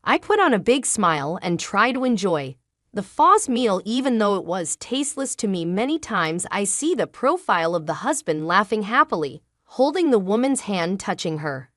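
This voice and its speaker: A woman narrating a first-person dramatic story in an emotional, halting way. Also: mid-range voice, big pitch swings, a bit bright, no echo, clean studio sound.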